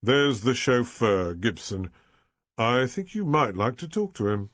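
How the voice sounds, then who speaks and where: A man voicing a calm, deferential male police inspector who speaks formally. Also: medium pitch, measured pace, no room sound.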